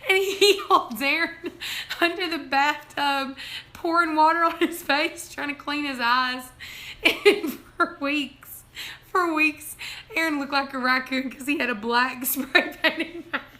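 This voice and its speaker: On her casual livestream, a woman recounts family stories, laughing often and giggling through her own anecdotes. She talks at a measured pace in a high, bright, pushed voice.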